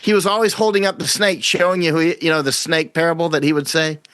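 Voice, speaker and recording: A man's voice: a little high, fairly even intonation, fast talker, fairly bright tone, no room sound. A man speaking as a guest commentator in a casual interview, rambling and repeating words as he acts out quoted voices.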